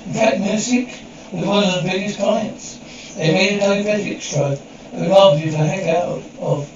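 A man's voice: sits high, moderate pace, heavy reverb, natural voice. A man speaking lines in a television drama scene, heard muffled and distant. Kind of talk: TV drama audio. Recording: muffled, distant TV audio with crowd noise.

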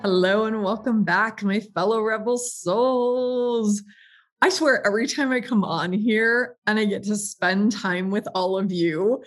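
A woman's voice: fairly high pitch, slow pace. A woman hosting her podcast, talking in a bubbly, emphatic way and cursing casually. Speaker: podcast host. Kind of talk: enthusiastic podcast intro.

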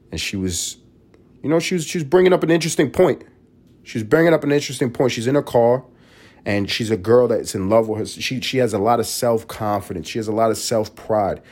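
Husky-voiced man ranting on a podcast. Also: on the low side, darkish tone. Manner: rambling, profane, riffing with restarts. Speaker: podcast host. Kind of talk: casual solo podcast monologue.

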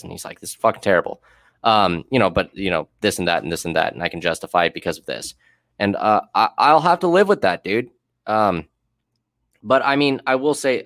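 A man's voice: fairly low pitch, fairly bright tone, no room sound, studio quality. A man who worked as a prison guard, telling blunt, profane stories in a casual podcast chat that turn heated.

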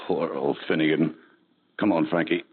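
Sly schemer, deep husky voice, tinny old radio. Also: male voice, fairly even intonation, normal speed, over loud music. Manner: sly, conspiratorial. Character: scheming small-time man, sly and smug. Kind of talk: 1940s radio acting.

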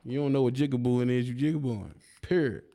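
A man delivers a heated rant aimed at a rival creator, his voice sitting in an ordinary middle pitch. He taunts and needles throughout, breaking into mocking laughter as he tears the other man down. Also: brisk, warm tone. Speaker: YouTuber.

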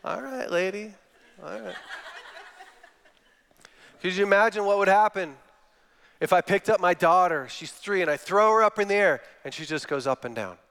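A man's voice: sits high, a little fast, fairly bright tone, smooth. A man in his thirties, a guest speaker giving a sermon, telling stories and acting out quotes. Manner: storytelling with acted-out quotes. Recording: long hall reverb.

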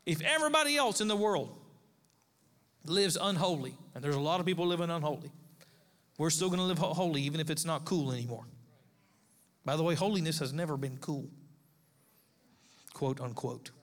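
A man's voice: fairly high pitch, brisk, pauses often. A male pastor, likely in his thirties, preaching a sermon with emphatic, repeated phrases. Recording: long echo of a large hall.

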